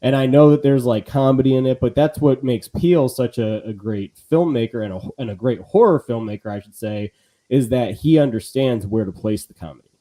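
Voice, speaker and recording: A man's voice: medium pitch, a little fast, dark tone. A man co-hosting a live podcast in casual chat, rambling with lots of fillers and restarts. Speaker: podcast co-host.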